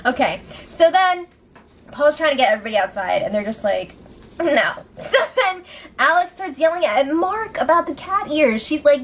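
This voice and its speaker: A woman recapping a reality show in casual chat, animated, laughing often and acting out what people said. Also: high-pitched, normal speed, a little hiss or hum. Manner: animated, laughing, acts out quotes, swears. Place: room at home.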